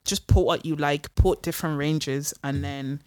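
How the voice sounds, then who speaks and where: A woman's voice: deep voice, fairly even intonation, unhurried, a little mellow, no echo. A woman co-hosting a podcast, chatting casually and telling stories with quoted asides. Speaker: podcast co-host. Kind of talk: casual chat.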